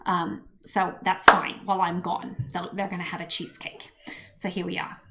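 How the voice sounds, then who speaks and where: A woman's voice: on the low side, flat delivery, normal speed, very noisy. A woman hosting a casual cooking livestream from her home kitchen, chatty and bubbly, reading viewer comments and talking to her toddler. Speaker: cooking stream host and mother.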